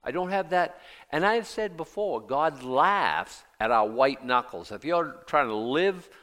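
A man preaching an expository sermon as pastor, animated and self-mocking, now and then acting out the voices he quotes. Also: medium pitch. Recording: long hall reverb.

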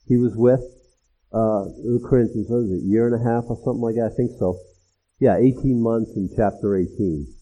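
A man preaching an expository sermon as pastor, animated and acting out the people in the text. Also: medium pitch, brisk, husky. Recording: tinny phone-like sound.

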